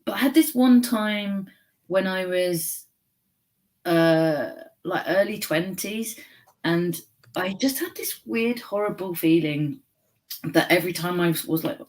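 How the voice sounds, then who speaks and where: A woman, a comedian guest on a radio show, speaking in a halting, thoughtful way with fillers and sudden quick runs. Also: fairly low pitch, a little mellow. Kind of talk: casual chat.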